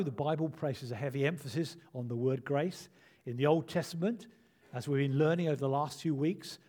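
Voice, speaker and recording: An older pastor preaches a sermon in a measured, earnest way, pausing to let points land. His voice is warm and mellow, pitched a little above the usual for a man. He speaks steadily, with gentle emphasis.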